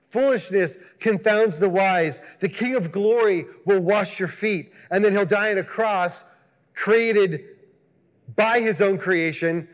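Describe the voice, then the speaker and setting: A pastor with a high voice gives a lively, chatty sermon in a big hall, putting on voices for the people he quotes and posing questions to the audience.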